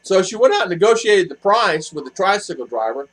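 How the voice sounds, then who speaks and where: A man hosts a casual live chat and answers viewers one after another. His voice sits a little high, and his talk wanders, full of fillers and false starts. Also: sing-song, brisk, poor audio. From expat living in the Philippines. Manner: rambling, with many fillers and restarts.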